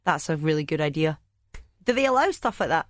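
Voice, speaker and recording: A woman's voice: low-pitched, expressive, fairly quick, no room sound. A woman co-hosting a podcast in casual chat, full of cheeky, teasing banter. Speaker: podcast co-host.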